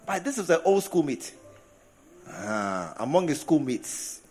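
Man preaching, high voice, lively swooping pitch, echoey hall, faint music underneath. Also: measured pace. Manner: animated, laughing asides, stretched emphasis. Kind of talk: sermon. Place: large hall with congregation.

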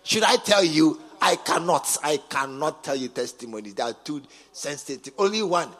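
A man with a Ghanaian English accent preaching a sermon as bishop, emphatic and repetitive, swinging from quiet asides to shouts. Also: fairly high pitch, animated, moderate pace, long reverb tail. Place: large cathedral.

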